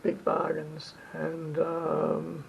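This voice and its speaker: A man's voice: monotone, extremely slow, gravelly. A man giving rambling travel advice in a vlog, repeating himself and correcting his words as he goes. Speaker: travel vlogger. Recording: dull lo-fi recording with faint rumble.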